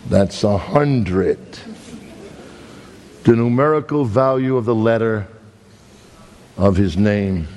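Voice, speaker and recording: Emphatic preacher, Brooklyn accent, hall reverb. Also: male voice. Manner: emphatic, swings between loud high peaks and low drawn-out words. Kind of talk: sermon.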